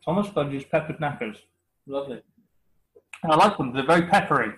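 A man's voice: a little high, animated, a little fast, rough recording. A man with a West Country English accent, co-hosting a casual podcast chat, teasing and laughing often. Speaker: podcast co-host.

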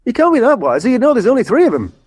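A man's voice: extremely high pitch, wildly swooping pitch, racing, darkish tone, slightly rough, full character voice. An actor playing a brusque, dismissive man directing a pantomime.

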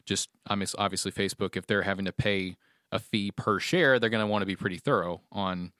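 A lower-pitched man chatting casually as a podcast co-host, halting and filling his pauses as he works through a point. The recording is close and dry, with no room sound. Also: steady tone, sharp tone, no room sound. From Tennessee, USA. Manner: hesitant, many fillers and restarts. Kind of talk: casual chat.

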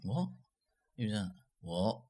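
A man's voice: lowish voice, sing-song, slow pace, warm tone. A man co-hosting a podcast in casual chat, easygoing and rambling with many ums. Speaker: podcast co-host.

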